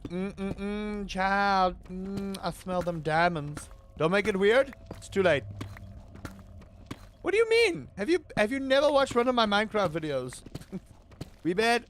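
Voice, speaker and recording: A man streaming a game, chatting casually and playfully with his viewers, sometimes bursting into loud, excited hype. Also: high voice, a little hiss or hum. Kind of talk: casual live-stream chat.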